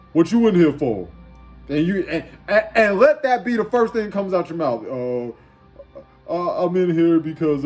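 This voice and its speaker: Male commentator, lively pitch swings, preachy and profane, keeps throwing rhetorical questions. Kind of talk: ranting commentary over an instrumental beat.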